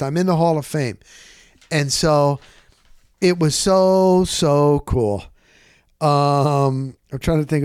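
A man's voice: fairly high pitch, dry recording, clean studio sound. Chatty New man spinning anecdotes. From New Jersey. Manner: rambling, animated anecdotes with self-corrections and quoted dialogue. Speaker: podcast host. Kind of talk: casual storytelling.

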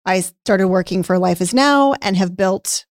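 A woman's voice: medium pitch, measured pace, no echo, studio quality. A woman co-hosting a casual podcast, candidly telling a personal story and acting out past conversations, getting emotional at times. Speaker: podcast co-host, former nutrition practice owner.

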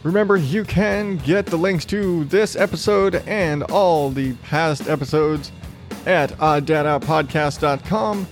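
A man's voice: on the high side, unhurried, soft background music. A man hosting a podcast in a casual monologue, ranting with lots of swearing and laughter. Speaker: podcast host.

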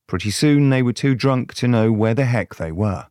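A man's voice: medium pitch, animated, normal speed, darkish tone, no room sound, clean studio sound. A man narrating a crude mock fairy tale in a sardonic way. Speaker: storyteller.

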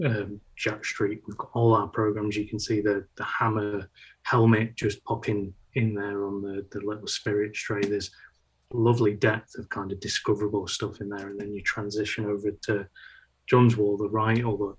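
A man co-hosting a podcast, explaining things in casual chat with halting run-on sentences and many fillers. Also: on the low side, flat delivery, breathy edge, low-quality recording. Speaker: podcast co-host and brand creative.

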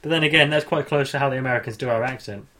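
A man's voice: medium pitch, rapid-fire, bright, forceful tone. A man chatting casually as a podcast co-host, playful and bantering. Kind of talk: casual chat.

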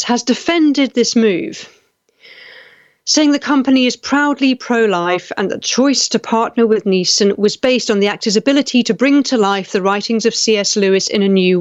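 Her voice sits on the high side with lively intonation, captured in a dry, lo-fi recording. She's hosting a live talk show and reading viewer comments indignantly, her casual commentary halting with frequent restarts.

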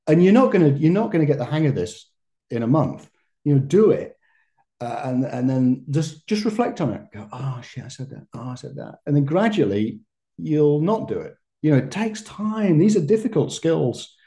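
A man's voice: on the high side, big pitch swings, moderate pace, warm tone. A man, a massage therapist and educator, talking as a podcast guest in a reflective way, often restarting his phrases and laughing lightly. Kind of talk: conversational podcast interview.

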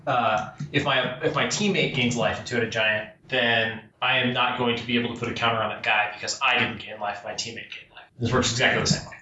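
A man's voice: medium pitch, fairly even intonation, fast, few pauses, pushed and bright, slight background noise. A man on a podcast explaining game rules in a methodical, careful way. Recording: roomy, distant, muffled mic.

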